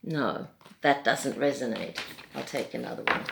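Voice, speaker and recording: A woman with a Swedish accent gives a casual tarot reading in a soft-spoken, gentle way, chuckling between remarks. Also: rumbling low, moderate pace, gravelly, heavy background noise. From Sweden. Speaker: tarot reader.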